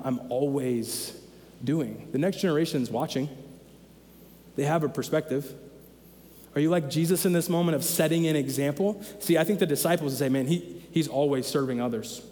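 A man's voice: fairly high pitch, normal speed, dark tone, long reverb tail. A man in his thirties preaching a sermon as pastor, conversational and emphatic, repeating his key phrases. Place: church sanctuary.

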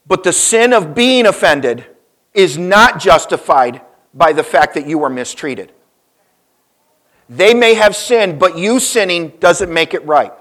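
A man preaches to his congregation, telling a story with pauses and sudden emphasis. His voice sits a little high for a man. He pushes up loud on key points, then falls soft and low. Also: lively intonation. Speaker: pastor. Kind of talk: sermon.

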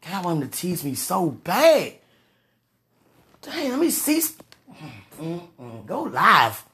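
A young woman vlogging from her bed in a casual confessional chat to viewers, sighing and muttering dramatic pleas to God, swinging between murmurs and loud outbursts. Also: lowish voice, huge pitch swings, takes it slowly.

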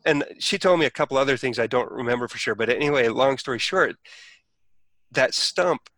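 A man's voice: mid-range voice, lively intonation, brisk, fairly bright tone, no echo. A man telling a personal story in casual conversation, rambling with many restarts and acting out quoted speech.

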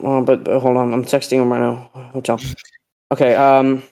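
This teenage podcast co-host from Northern Ireland speaks at a moderate pace in a medium-pitched, monotone voice that's gravelly and dark. In casual chat, he tells a rambling story and acts out the quotes of the people in it.

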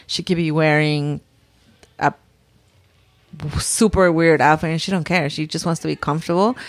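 Chatting casually about her daughters, a mother of three with a low voice rambles and restarts frequently, now and then mixing in Spanish words, in a dry recording.

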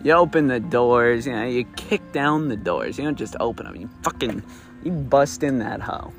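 Man host, off-the-cuff storyteller, loose and rambling, mid-pitched, faint music behind. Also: moderate pace. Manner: rambling, self-correcting, swears casually. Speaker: podcast host. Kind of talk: improvised storytelling.

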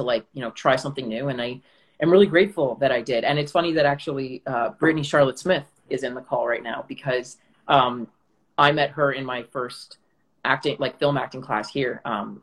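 A man's voice: medium pitch, a bit bright, poor audio. Young man chatting reflectively. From Canada. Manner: reflective, many fillers and restarts. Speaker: actor guest. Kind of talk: casual video-call chat.

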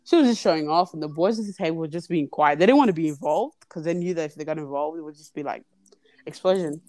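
A woman's voice: low voice, quick pace, a little mellow, no echo. A young woman guest chatting on a podcast, telling a story animatedly and swearing freely. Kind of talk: casual chat, storytelling.

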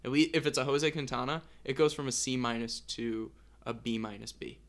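A man's voice: mid-range voice, little pitch movement, a little fast. A young man co-hosting a casual sports podcast, rambling and opinionated, often restarting his sentences. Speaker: podcast co-host.

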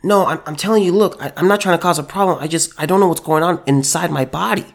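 A man's voice: a little high, fast, vocal fry. A man voicing an anxious, hesitant man who pleads that something feels wrong after his vaccine. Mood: anxious pleading.

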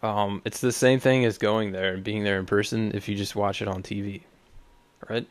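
A man's voice: lowish voice, steady tone, normal speed, no room sound. A young man hosting a podcast, talking in a rambling, profane, sardonic way. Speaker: podcast host. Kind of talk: casual solo podcast rant.

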